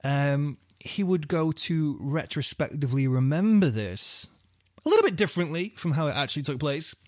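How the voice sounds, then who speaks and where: A man's voice: fairly high pitch, lively intonation, moderate pace, darkish tone, dry recording, studio quality. A man hosting a true-crime podcast, telling the story in a loose, rambling way with lots of fillers and offhand swearing. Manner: rambling, full of fillers and asides, swears casually. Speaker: podcast host.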